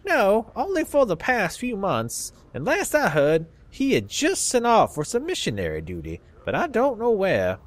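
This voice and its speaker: A man's voice: sits high, huge pitch swings, normal speed, hardly any pauses, voice pushed up, full character voice. A man voicing a crusty, gossipy old male bar regular in a put-on Southern drawl.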